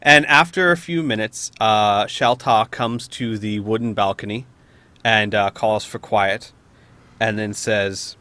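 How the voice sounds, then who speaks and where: A man's voice: on the low side, a little slow, pushed and bright, no room sound. A man narrating a tabletop role-playing game as game master, rambling with many fillers and restarts. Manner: rambling, full of uhs and restarts.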